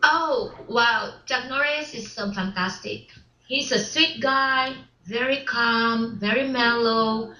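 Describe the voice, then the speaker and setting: A woman being interviewed about her film work, speaking haltingly with many restarts and broken grammar. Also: fairly high pitch, bright, forceful tone. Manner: halting, repeats words, non-native English grammar. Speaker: interview guest, filmmaker. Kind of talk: casual interview. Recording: roomy, dull lo-fi sound.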